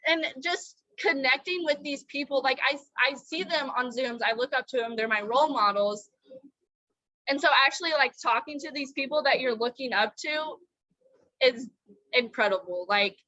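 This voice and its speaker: A young woman co-hosting a casual chat, excitable and rambling, fangirling. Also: sits high, no echo, muffled recording. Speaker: co-host.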